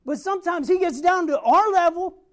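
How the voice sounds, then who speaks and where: Man, preacher, sermon, high-pitched, calls for amens, repeats a refrain. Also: moderate pace, fairly bright tone. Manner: tells a Bible story with acted-out quotes.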